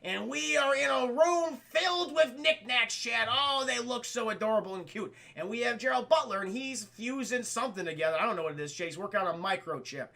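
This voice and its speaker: A man streaming a casual spoiler-filled film review to live chat, animated and swearing freely as he acts out scenes. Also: very high-pitched, brisk, gravelly, hardly any pauses.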